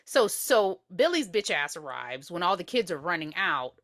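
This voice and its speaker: A woman's voice: on the low side, big pitch swings, normal speed, a bit bright. A woman co-hosting a podcast, giving blunt, profane opinions on a film in casual chat. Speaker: podcast co-host. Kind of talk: casual movie recap chat.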